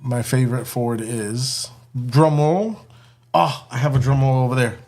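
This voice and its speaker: A man's voice: mid-range voice, unhurried, a little mellow, a little hiss or hum. A man hosting a casual live stream and joking with his chat while building a kit, often breaking into laughter.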